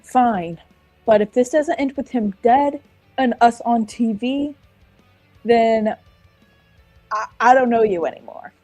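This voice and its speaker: Woman player at a tabletop game, sarcastic, warm low-key voice, dry close sound. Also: slow, long pauses, no echo, faint music behind. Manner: sarcastic, pleading banter. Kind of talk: casual tabletop play.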